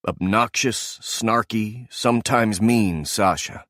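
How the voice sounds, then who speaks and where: A male audiobook narrator reads in an even, measured way. His voice is low and the recording is close and dry. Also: no echo.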